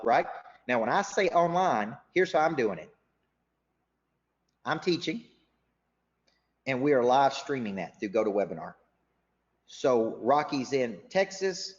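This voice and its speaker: Energetic coach pitching in a hall. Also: male voice. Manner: energetic sales pitch, rising when excited. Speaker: business coach. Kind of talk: live seminar talk. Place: large event room. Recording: dull reverberant hall recording.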